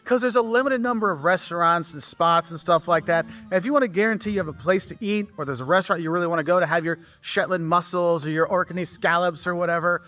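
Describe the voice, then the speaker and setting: A travel video creator with a high, bright, forceful voice gives casual advice straight to the camera, talking quickly with hardly any pauses. He's chatty and keeps checking in with "okay?" while faint music plays behind him.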